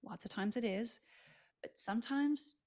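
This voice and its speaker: A woman's voice: a little high, unhurried, a little mellow. A woman physical therapist speaking as a guest in a casual interview, giving advice in a conversational way. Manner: conversational, advising.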